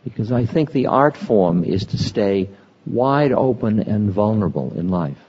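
Slow, husky older man in a hall. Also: on the low side, animated. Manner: slow, meditative, pausing between words. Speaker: spiritual teacher. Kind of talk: reflective spiritual talk. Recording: dull lo-fi recording in a reverberant hall.

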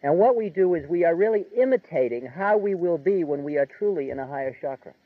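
Chatty spiritual teacher, tinny dry tape. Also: male voice, fairly high pitch, lively intonation, fairly quick, no echo. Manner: conversational, chuckling, lots of "like" and "you know". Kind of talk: informal spiritual lecture. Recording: tinny narrow-band dry recording.

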